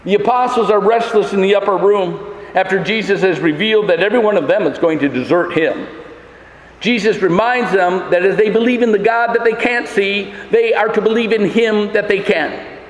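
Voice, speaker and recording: A man's voice: sits high, moderate pace. A man pastor preaching a sermon in a church, emphatic, with many rhetorical questions. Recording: echoey hall with long reverb.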